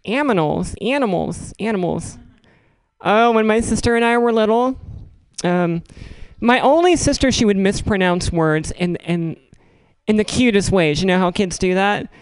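A woman's voice: medium pitch, normal speed, clear, resonant tone, no echo. A young woman telling rambling, self-mocking comic stories full of fillers. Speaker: improv comedy performer. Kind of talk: storytelling stand-up improv.

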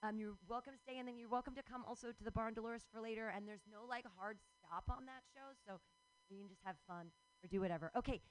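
A middle-aged woman performing a rambling stand-up comedy set, excitable and swearing freely. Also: on the high side, quick pace, slight background noise, poor audio.

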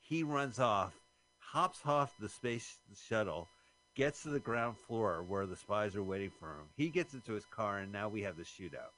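A man's voice: on the low side, animated, normal speed, a bit bright. A man co-hosting a radio show, casually commenting on a film as he watches and explaining scenes with the odd swear. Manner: laid-back, swears casually, explains as he goes.

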